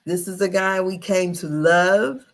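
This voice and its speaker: A woman's voice: lowish voice, steady tone, a little slow. A middle-aged woman hosting a casual livestream, chatty and folksy, calling her viewers honey. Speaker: livestream host.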